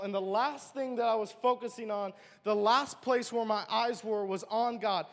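A man's voice: sits high, fairly even intonation, normal speed, hardly any pauses, long reverb tail. A man giving an earnest, emotional personal testimony as a church speaker.

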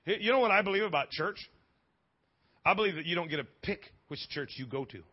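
A man preaches in a church with a husky edge to his voice, his pitch swinging widely as he jokes and stumbles through quick restarts. The live sermon audio sounds dull and lo-fi. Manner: animated, joking preacher with stammering restarts. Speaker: pastor. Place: church sanctuary.

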